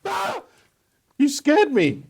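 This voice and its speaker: A man's voice: medium pitch, sing-song, moderate pace, a little mellow, slightly rough. A man voicing a talking male viper with a British accent in a radio play, wry and teasing. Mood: startled.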